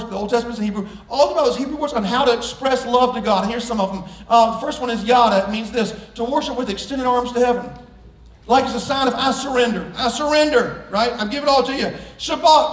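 Animated high-voiced preacher in an echoey church. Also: male voice, recorded from a distance. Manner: animated, jokes with the congregation, swings from hushed to shouting. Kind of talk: sermon. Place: church sanctuary. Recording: echoey room, voice from off-mic.

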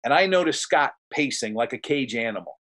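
A man's voice: medium pitch, fairly quick. A man telling a long, rambling anecdote in casual chat, acting out what people said. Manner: rambling, animated, acts out quotes. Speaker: storyteller guest.

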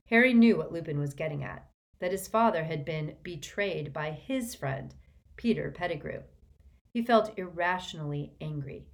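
Woman reading a story aloud, expressive, lowish voice. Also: normal speed. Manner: expressive, shifts voices for characters. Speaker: audiobook narrator.

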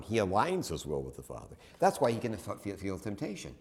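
Male lecturer, low voice, loose and conversational, prone to tangents and restarts. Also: big pitch swings, fast, darkish tone. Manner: conversational, digressive, with many restarts and asides. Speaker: teacher. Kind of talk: classroom lecture.

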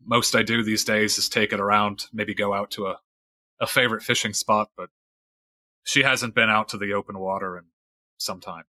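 A man voicing a grizzled old one-legged male fisherman who talks gruff and blunt. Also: lowish voice, fairly even intonation, moderate pace, pushed and bright, dry recording. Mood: proud.

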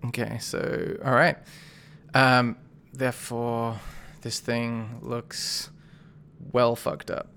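A man's voice: mid-range voice, little pitch movement, drawn-out words, gravelly, fairly bright tone, smooth. Casual man running a tabletop game. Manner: casual, rambling, thinking aloud. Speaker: game master.

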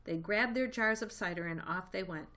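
A woman reading a children's storybook aloud, lively and expressive. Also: mid-range voice, moderate pace. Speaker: reader. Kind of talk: storybook read-aloud narration.

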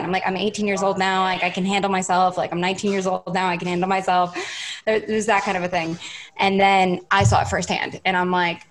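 A young woman appearing as a podcast guest tells a long, casual story at a fast clip in a medium-pitched voice. She's animated, acting out what she and others said in quotes and saying "like" a lot.

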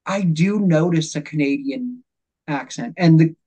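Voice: mid-range voice, a little slow, slightly rough. A host born and raised in America, chatting casually with a guest and leaning on fillers. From United States. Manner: relaxed, chatty, uses fillers. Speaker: podcast host. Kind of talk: casual interview talk.

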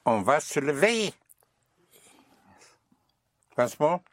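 Guy teaching a language lesson, slow patient drilling, voice goes up and down a lot, dry close sound. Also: a little high, very animated, no room sound. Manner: patient, drills and repeats phrases, gently corrects.

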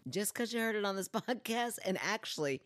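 A woman's voice: medium pitch, expressive, fairly quick, fairly bright tone, no echo. A woman in her thirties co-hosting a podcast as the skeptic, chatting casually and teasing with frequent laughs. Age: 30s. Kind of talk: casual chat.

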